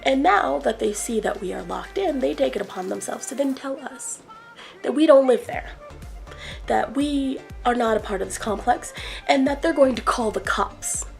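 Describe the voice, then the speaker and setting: A woman vlogger telling an exasperated story in a casual rant, animated as she acts out what people said. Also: high-pitched, normal speed, creaky, soft background music, low-quality recording. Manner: exasperated, animated retelling with acted quotes.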